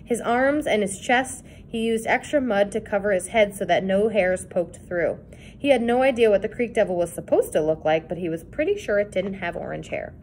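Woman narrator, read-aloud kids' book, expressive. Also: medium pitch, normal speed, slight background noise. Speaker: reader.

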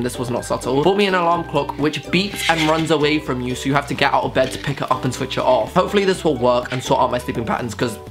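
Brief: camp young vlogger, sassy asides, squeals, music bed underneath. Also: male voice, medium pitch. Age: young adult. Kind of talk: casual haul vlog. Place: bedroom with studio light. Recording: music playing behind the voice.

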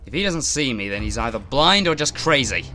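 A man's voice: mid-range voice, very animated, brisk, pushed and bright, a little hiss or hum. A man commentating a horror game he is playing, jittery and swearing often as he talks to himself. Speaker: let's player.

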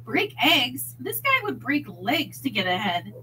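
Indignant young woman, read by a woman, bright and animated. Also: a little high, a little slow, slight background noise, heavily acted, low-quality recording.

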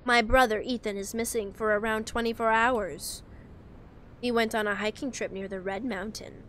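A woman's voice: fairly high pitch, fairly even intonation, moderate pace, a bit bright, slight background noise, close to an everyday voice. A woman reading the lines of a game hero, a worried sibling searching for a lost brother, plain and earnest.

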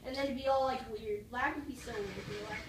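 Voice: medium pitch, steady tone, quick pace, crowd noise. A young gamer giving casual, rambling commentary while playing, often trailing off mid-thought. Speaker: gamer co-host. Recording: roomy, distant mic, faint hiss.

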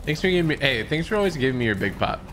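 A man chats playfully through a gaming livestream, teasing his teammate and breaking into silly scatted syllables. His voice sits at an ordinary pitch and comes through a desk mic with a faint hiss behind it. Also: big pitch swings, rapid-fire, a bit bright. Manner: playful and joking, scats nonsense syllables. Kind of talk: casual gaming stream chat.

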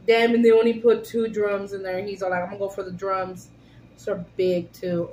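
A woman's voice: medium pitch, flat delivery, brisk, a little mellow. A woman hosting a casual food-tasting vlog, chatty and giggly, talking straight to her viewers. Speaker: vlog host. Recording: echoey room with faint hiss.

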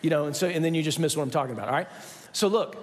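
A man preaching a conversational sermon, telling a story with quick asides and rhetorical questions. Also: fairly high pitch. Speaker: pastor. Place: large church sanctuary. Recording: reverberant church hall.

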